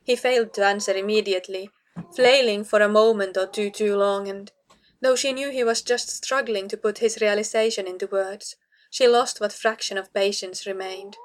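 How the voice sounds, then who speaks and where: A woman's voice: medium pitch, fairly even intonation, moderate pace. A woman narrating a fantasy novel aloud, reading a tense scene with dramatic weight. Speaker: audiobook narrator.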